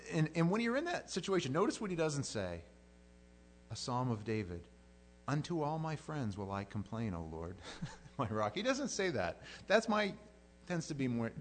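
A middle-aged pastor teaching from the Bible in a folksy, joking way, acting out quotes in silly voices. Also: male voice, fairly low pitch, a little hiss or hum.

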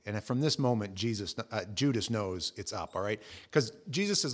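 A middle-aged man preaching a sermon, telling the story with lively, acted-out quotes. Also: brisk, few pauses. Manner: animated storytelling, acting out quotes with jumps in pitch and volume. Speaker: pastor.

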